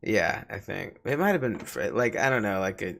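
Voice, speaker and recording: A man's voice: on the low side, sing-song, moderate pace, creaky, a bit bright. A man co-hosting a casual podcast, joking around, laughing often and trailing off mid-thought. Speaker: podcast co-host. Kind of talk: casual chat.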